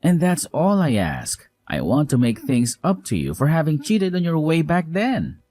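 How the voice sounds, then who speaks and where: A man's voice: fairly high pitch, huge pitch swings, normal speed, warm tone. A man playing a young cheating ex-fiancé who pleads and whines to get back together, in a narrated story drama. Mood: wheedling. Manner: begging, whiny.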